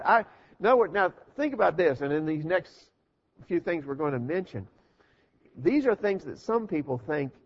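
Earnest preacher man, lo-fi sound. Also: fairly high pitch. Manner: earnest, steady teaching with rhetorical questions. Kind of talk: sermon. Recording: dull lo-fi recording.

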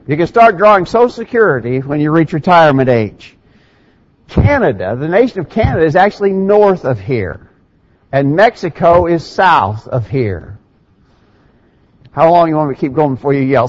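A man preaching a Sunday morning sermon in a plain conversational way, with a dry ironic opening and scripture read aloud, in a church sanctuary. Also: fairly high pitch. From Middle Tennessee. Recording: dull lo-fi church recording.

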